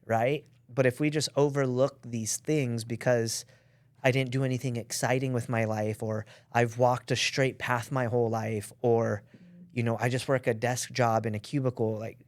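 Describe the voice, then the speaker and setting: A man's voice: mid-range voice, level tone, moderate pace, dry recording. A man co-hosting a podcast, speaking in an earnest, reflective way with casual slang. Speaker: podcast co-host. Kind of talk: casual chat.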